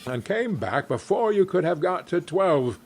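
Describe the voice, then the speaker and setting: A man reading a classic story aloud in an expressive, unhurried way with occasional wry asides. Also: sits high.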